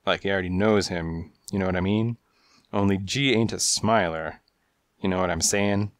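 A man voicing a menacing male gangster alley cat with a raspy voice and tough-guy street slang, in a storybook reading. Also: low-pitched, moderate pace, no echo, studio quality, natural voice. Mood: gruff.

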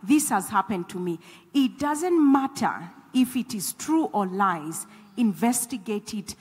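A woman's voice: mid-range voice, lively intonation, unhurried, slightly rough. A woman preaching, earnest and exhorting, repeating phrases for emphasis. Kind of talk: church teaching on scripture. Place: church hall. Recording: echoey hall.

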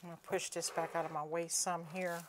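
A woman's voice: on the low side, level tone, fairly quick, background noise. A woman with a Southern US accent, chatting folksily through a home cooking demonstration and calling viewers honey and cousin.

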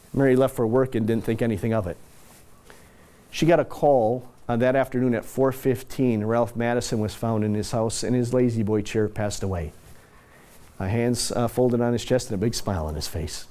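A man's voice: mid-range voice, dark tone. A man giving a conversational keynote talk built around anecdotes, with casual, self-deprecating asides. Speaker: corporate speaker.

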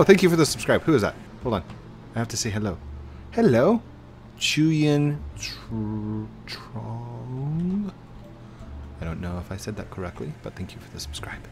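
A man hosting a playful Roblox let's play, goofy and excitable, chatting to viewers and jumping way up in pitch when things go wrong. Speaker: gaming channel host.

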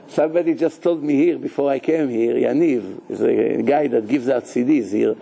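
A man, a rabbi, giving a live Torah lecture in a lively, joking way, questioning his listeners and sprinkling in Hebrew terms. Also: mid-range voice, moderate pace, gravelly, breathy edge.

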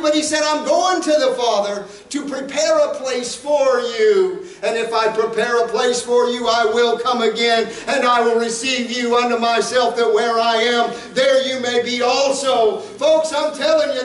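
A man preaching a sermon as pastor, fervent and rising to shouts at times. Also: very high voice, a little slow, few pauses, echoey room, far from the mic, low-quality recording.

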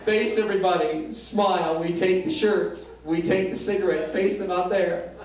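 A man's voice: high voice, steady tone, normal speed. A man from Detroit performing magic and stand-up comedy live in a casino showroom, cracking jokes and bantering with the audience. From Detroit, USA. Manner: wisecracking, chatting with the audience. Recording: echoey live room, loud crowd and noise, mic at a distance.

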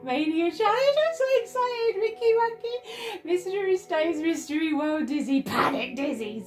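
A woman vlogging an unboxing and playing a retro game at home, gushing, squealing and laughing often. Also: high-pitched. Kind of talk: excited unboxing and gameplay chat. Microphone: phone.

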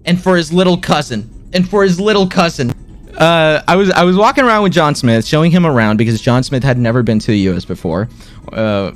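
A young man in his twenties chatting casually to his stream viewers, excitable, swinging his pitch up and down and repeating himself as he retells a story.

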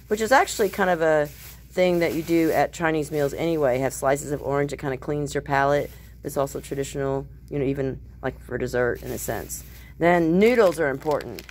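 A woman's voice: sits low, slight background noise. A woman teacher giving a casual video lesson from her home kitchen, chatty and loose, with fillers and asides.

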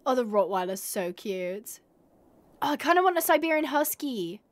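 A woman's voice: fairly high pitch, sing-song, normal speed. A young woman streaming a game live, chatting to viewers and gushing and squealing over cute animals.

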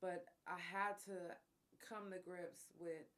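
A woman's voice: fairly low pitch, little pitch movement, slow pace, a bit bright. Candid woman telling a personal story. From Oklahoma. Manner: candid, profane, emotional storytelling. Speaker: podcast host.

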